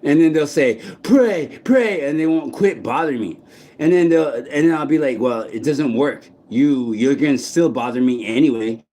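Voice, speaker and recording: Man vlogging outdoors, halting and blunt. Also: mid-range voice, mellow. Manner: halting, frequent restarts and swearing. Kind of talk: candid personal monologue. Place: outdoors in a city park.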